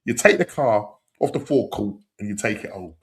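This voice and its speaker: A man hosting a football podcast, talking in animated, slang-heavy banter and laughing often. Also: fairly low pitch, fairly quick. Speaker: podcast host.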